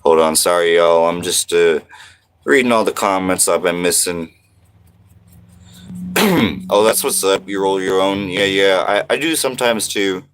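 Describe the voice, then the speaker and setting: A man's voice: low-pitched, a little slow, pauses often, fairly bright tone, clear, resonant tone. A man in his thirties from French Canada, chatting casually on a livestream, rambling and reading viewer comments aloud. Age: 30s. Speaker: livestream host.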